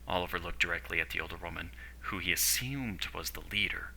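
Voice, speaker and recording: A man narrating a story in a steady, descriptive way. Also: low voice, brisk, gravelly, few pauses, poor audio.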